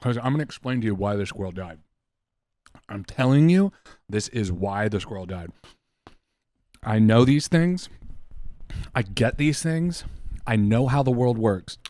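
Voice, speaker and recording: A man's voice: lowish voice, expressive, measured pace, long pauses, mellow, dry recording. A young man co-hosting a casual comedy podcast, telling a mock-conspiratorial story with lots of swearing and put-on voices. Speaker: podcast co-host.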